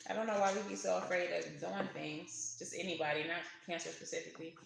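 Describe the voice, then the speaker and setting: Tarot reader, casual reading, chatty, curses casually, gravelly, big room echo. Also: medium pitch, steady tone, fast talker, noisy background. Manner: chatty, laughs often, swears casually. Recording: very echoey room.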